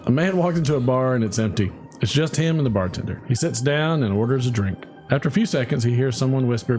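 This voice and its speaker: A man co-hosting a casual podcast, reading bar jokes aloud in an unhurried, dry tone. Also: mid-range voice, big pitch swings, darkish tone, faint music behind. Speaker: podcast co-host.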